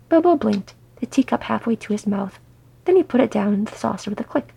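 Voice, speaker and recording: Husky, gravelly woman reading a story. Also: mid-range voice, brisk, mellow, poor audio. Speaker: reader. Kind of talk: audiobook reading of fan fiction.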